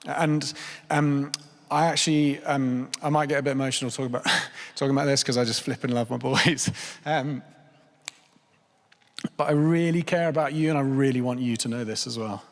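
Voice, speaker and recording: A man's voice: medium pitch, steady tone, normal speed. A man in his thirties preaching a sermon in church, earnest and pleading, repeating phrases for emphasis. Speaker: pastor. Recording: long church reverb.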